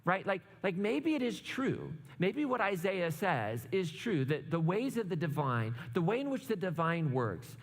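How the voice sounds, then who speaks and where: A male pastor with a fairly high voice gives a relaxed, conversational sermon, full of jokey asides and "right?" check-ins. His voice rings out with a long reverb tail from a church hall. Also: a little slow, hardly any pauses. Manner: chatty, asks "right?" often, jokes asides. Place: church sanctuary.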